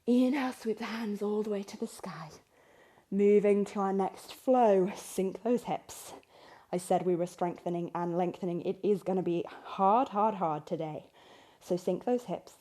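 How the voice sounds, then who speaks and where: A woman's warm, mid-range voice, a little slow, carries the cues of a yoga class she's teaching. Encouraging throughout, she announces poses and breaths and counts reps out loud, sometimes sounding breathless.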